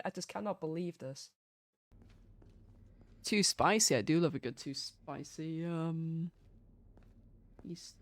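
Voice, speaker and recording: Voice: mid-range voice, slow, long pauses, no echo. A streamer giving casual gameplay commentary, full of sarcasm, laughter and swearing.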